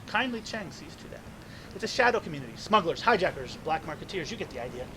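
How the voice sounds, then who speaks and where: A man's voice: fairly high pitch, big pitch swings, fast, crowd noise. A man reading a game's story text aloud as the let's play narrator.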